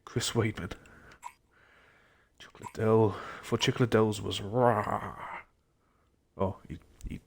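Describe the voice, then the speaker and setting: A man's voice: fairly low pitch, steady tone, takes it slowly, gravelly, pauses often, slight background noise. A young man who is unwell, rambling to himself in casual gaming stream commentary. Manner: rambling, mumbling asides to himself. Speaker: game streamer.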